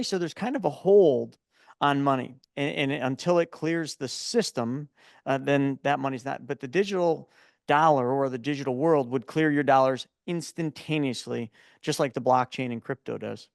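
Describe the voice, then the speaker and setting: A man in his forties, a guest in an interview, telling stories in a lively, casual way and often repeating words as he starts a thought. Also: fairly high pitch, normal speed, creaky, no room sound, studio quality. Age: 40s. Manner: animated storyteller, repeats words when starting.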